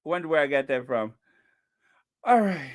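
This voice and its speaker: A man's voice: on the high side, animated, moderate pace. A man hosting a commentary channel, talking casually to his viewers with frequent laughter and emphatic asides.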